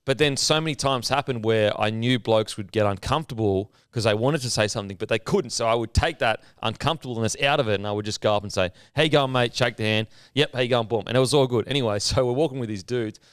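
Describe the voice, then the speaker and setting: A man's voice: mid-range voice, fast talker, hardly any pauses, clear, resonant tone, no echo, clean studio sound. A man telling a story in casual podcast chat, laid back and swearing freely. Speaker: podcast co-host. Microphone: studio mic.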